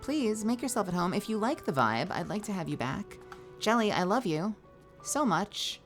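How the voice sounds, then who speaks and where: A woman's voice: medium pitch, normal speed, soft background music. A woman streamer and voice actor chatting casually and playfully with her viewers while sleepy and yawning. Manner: playful and animated, greets viewers. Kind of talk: casual live-stream chat.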